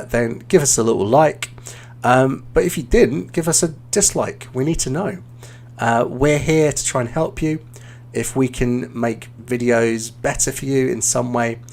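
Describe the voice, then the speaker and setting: A British man hosts a live English lesson and gives a student relaxed, encouraging feedback. He speaks in a mid-range voice and often pauses with "um" as he thinks. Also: medium pitch, creaky. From Britain. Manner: encouraging, relaxed, many "um" fillers. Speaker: English teacher and live-stream host.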